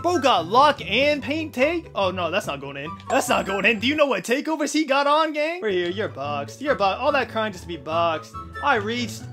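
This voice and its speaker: A man's voice: very high-pitched, sharp tone. A young man giving live gameplay commentary as a gaming YouTuber, hyped and full of slang as he trash talks opponents. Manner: hyped, slangy trash talk to teammates and viewers. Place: home gaming setup in front of a TV.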